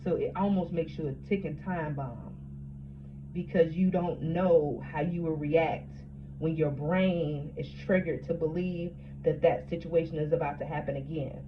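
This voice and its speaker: A woman near forty speaks with frank, profane candor in a lowish voice, circling back over her words as she talks. The sound is dull and lo-fi. A steady hum runs under everything. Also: measured pace. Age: late 30s. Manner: frank, profane, repeats and restarts phrases. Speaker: vlogger. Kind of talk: candid personal talk about trauma.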